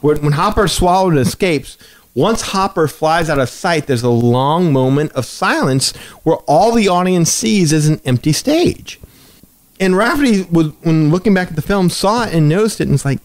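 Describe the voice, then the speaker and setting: A man's voice: a little high, normal speed. A man hosting a podcast, telling a story in casual chat and acting out the quotes with energy. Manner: animated storyteller, acts out quotes. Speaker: podcast host.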